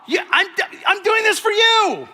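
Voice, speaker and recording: This is a frantic hostess, put on by a male preacher, who pitches her voice up high and shouts in exasperation. She is indignant and sure she is in the right. Her words ring out with the long reverb of a large hall. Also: normal speed, natural voice. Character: frantic, indignant busy woman host.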